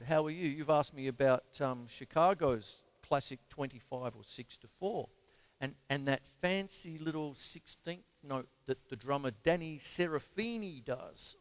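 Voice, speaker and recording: A man from Australia teaching drums on a live stream, chatting casually and counting beats aloud while he plays. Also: a little high. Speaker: drum teacher. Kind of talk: live-streamed drum lesson. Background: drum kit playing.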